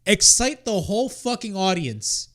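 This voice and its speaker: Young man, high voice, swinging pitch, slow deliberate delivery, exasperated profane rant. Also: big pitch swings, fairly bright tone. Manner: exasperated, profane, repeats himself. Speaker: wrestling reaction host. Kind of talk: ranting watch-along commentary.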